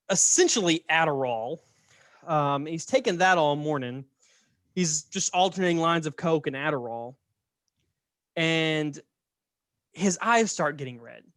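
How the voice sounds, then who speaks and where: A man's voice: on the high side, a bit bright, no room sound, clean studio sound. A man casually telling a story on a podcast, chatty and laughing, often checking in with "right?". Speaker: podcast host.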